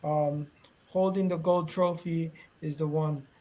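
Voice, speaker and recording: A man hosting a casual football podcast, animated and quick to jump in, calling on viewers to like the video. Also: a little high, slight background noise. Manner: animated, talks over others, asks the audience to engage. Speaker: podcast host.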